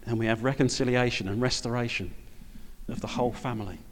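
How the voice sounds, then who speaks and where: A man preaching a sermon, talking in a relaxed, conversational way and putting questions to the congregation. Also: mid-range voice, quick pace. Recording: long hall reverb.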